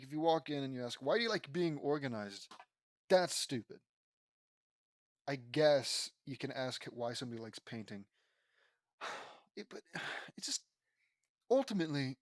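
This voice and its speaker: A man's voice: a little high, no room sound, studio quality. A man reading his own fan fiction aloud, casual and rambling, stumbling over names and breaking off to comment. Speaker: audiobook reader and author.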